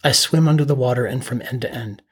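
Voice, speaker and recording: A middle-aged man hosting a podcast, telling his own story in a calm, matter-of-fact present tense. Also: mid-range voice, fast talker, husky. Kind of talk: first-person story narration.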